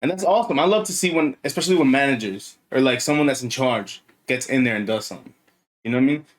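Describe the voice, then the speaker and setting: A man co-hosting a podcast in casual chat, relaxed and rambling. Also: mid-range voice, fast talker. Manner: relaxed, rambling, fillers like "you know what I mean". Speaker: podcast co-host.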